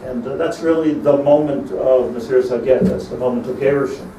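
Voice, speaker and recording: Echoey distant rabbi preaching. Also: male voice, mid-range voice, brisk, mellow, a little hiss or hum. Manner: storytelling, mixes Hebrew terms into English, rises to emphatic peaks. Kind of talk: sermon on lamentations. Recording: echoey room, mic at a distance, faint ambience.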